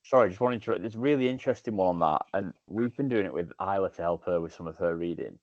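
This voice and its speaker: A man with a very deep voice hosts a relaxed podcast chat and cuts in eagerly with his own stories. His recording is dull and muffled, with a dry, close sound. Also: quick pace, dry recording. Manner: chatty, jumps in with anecdotes. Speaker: podcast host. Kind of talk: casual podcast conversation.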